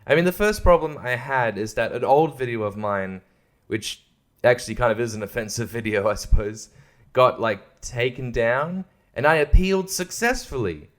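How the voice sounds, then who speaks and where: A man's voice: medium pitch, moderate pace. A man hosting his own podcast, ranting angrily and profanely, with mocking quoted voices. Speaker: podcast host. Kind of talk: angry comedic rant.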